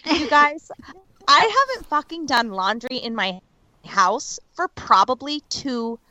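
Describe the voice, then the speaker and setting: A woman's voice: high-pitched, very animated, slow pace, bright, forceful tone, muffled recording. A woman co-hosting a podcast who talks bluntly and swears freely. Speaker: podcast co-host. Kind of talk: casual chat.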